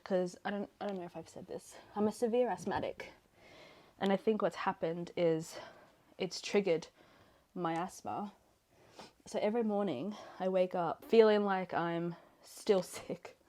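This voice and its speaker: A young woman chatting in a casual reading vlog, her voice nasal and congested from illness, rambling excitedly and correcting herself as she goes. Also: lowish voice. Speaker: book vlogger.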